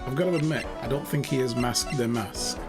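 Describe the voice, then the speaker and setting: A man's voice: medium pitch, brisk. A man streaming a video game, chatting casually and joking as he plays, swearing freely. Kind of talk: let's play commentary. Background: video game music.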